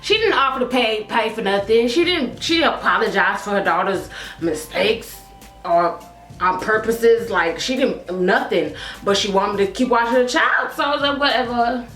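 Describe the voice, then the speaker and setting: A young woman, telling a dramatic storytime, sassy and animated. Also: mid-range voice, moderate pace. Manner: sassy, dramatic, acts out quotes. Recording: roomy echo with faint music.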